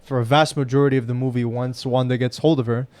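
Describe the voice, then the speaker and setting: A man's voice: mid-range voice, steady tone, fast, a little mellow, clean tone. A young man co-hosting a podcast, talking through a film review in casual chat, enthusiastic and fluent with frequent ums. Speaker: podcast co-host.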